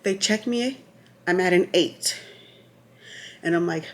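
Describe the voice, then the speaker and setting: A woman vlogger telling the story of her labor in a chatty, animated way, full of asides and restarts, sometimes checking her notes. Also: fairly low pitch, slow pace, long pauses. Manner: reads from notes at times. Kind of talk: casual storytelling to camera.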